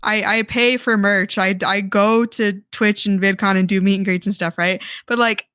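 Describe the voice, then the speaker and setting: A woman streaming, casually reacting to a video, frank and quick to laugh and swear. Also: mid-range voice, steady tone, fairly bright tone, clear, resonant tone, no echo, studio quality.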